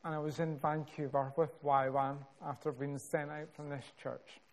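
A Scottish man preaching a sermon, telling a story with measured, dramatic pauses and building emphasis. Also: fairly high pitch, flat delivery.

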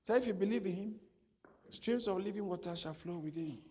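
A man's voice: high voice, a little fast, slight background noise. A man preaching a sermon, asking rhetorical questions and joking with his listeners. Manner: animated, rhetorical questions, laughs at own jokes. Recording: long hall reverb.

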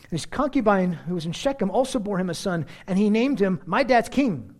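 A middle-aged man preaching a sermon with a slightly high voice that swings widely in pitch. He tells everyday stories in a loose, chatty way, with asides to the congregation and frequent throat-clearing. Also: lively intonation, a little fast, darkish tone. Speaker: pastor.

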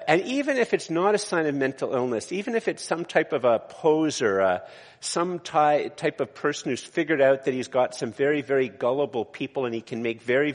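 A man's voice: mid-range voice, big-room sound. A man, a pastor, preaching a conversational sermon in a church, with frequent restarts and asides.

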